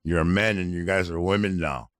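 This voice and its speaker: A man's voice: low voice, fairly even intonation, moderate pace, dry recording, clean studio sound. A middle-aged man from North Dakota, co-hosting a podcast in a heated, blunt rant full of swearing. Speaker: podcast co-host. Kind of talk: angry outspoken podcast rant.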